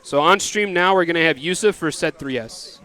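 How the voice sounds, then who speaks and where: A man's voice: fairly high pitch, a little fast, heavy background noise. A man with an American accent giving analytical, casual color commentary at a fighting-game tournament. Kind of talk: live esports commentary.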